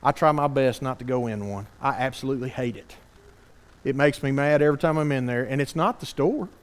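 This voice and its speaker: A man preaching a sermon, earnest and animated, asking the congregation rhetorical questions. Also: mid-range voice, fairly quick.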